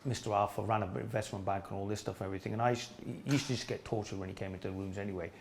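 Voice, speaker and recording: Fast-talking playful man. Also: on the low side, flat delivery, creaky, a little hiss or hum. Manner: playful, teasing, quick storytelling. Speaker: spiritual teacher in a group talk. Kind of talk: informal discussion with an audience.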